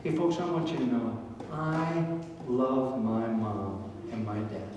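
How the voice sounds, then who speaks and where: An older man doing live comic storytelling with a faith message, wry and deadpan, dropping to soft, slow lines for tender moments. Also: medium pitch, far from the mic, lo-fi sound, a little hiss or hum. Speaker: stand-up storyteller. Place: large reverberant camp hall. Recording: very echoey hall picked up from afar.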